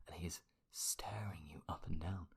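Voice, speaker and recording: A man narrating as game master in a tabletop game, relaxed and often laughing. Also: low voice, moderate pace, vocal fry, slightly rough.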